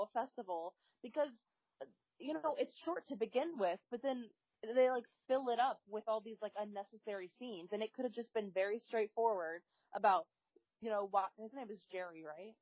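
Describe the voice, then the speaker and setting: Higher-voiced woman giving emphatic opinions. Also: no echo. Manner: opinionated and emphatic, with frequent laughs. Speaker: podcast co-host. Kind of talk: casual chat. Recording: dry, dull lo-fi recording.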